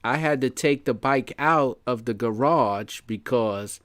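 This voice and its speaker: A man's voice: mid-range voice, measured pace, a bit bright, smooth, no echo. A man hosting a casual live podcast chat, laid-back and slangy, laughing often. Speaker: podcast host.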